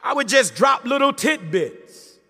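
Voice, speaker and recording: A man's voice: very high voice, sing-song, unhurried, sharp tone, husky, in a large hall. A man, a Muslim minister, preaching to a live audience in an emphatic way and calling out to the crowd.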